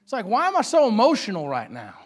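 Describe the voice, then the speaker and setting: Give me a high-pitched man preaching a lively, conversational sermon with loud emphatic climbs. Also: fast talker. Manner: animated, rising to loud emphatic peaks, with frequent laughs; casual conversational storytelling.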